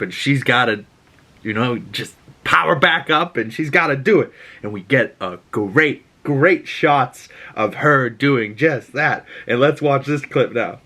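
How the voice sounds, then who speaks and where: A man hosting a casual reaction podcast, recapping a cartoon episode in an excitable, swearing way. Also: mid-range voice. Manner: excitable, profane, laughs and shouts at scenes. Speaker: podcast host.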